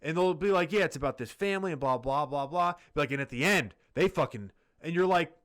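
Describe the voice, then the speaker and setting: A man's voice: fairly high pitch, fairly quick, hardly any pauses, a bit bright. A man co-hosting a podcast in casual chat, ranting heatedly and swearing a lot. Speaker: podcast co-host.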